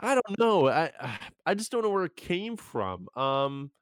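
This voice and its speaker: This young man, co-hosting a podcast, gives a casual TV recap full of self-mockery, wandering and restarting with lively energy. He speaks a little slowly in a fairly high voice with a clean tone, recorded close and dry.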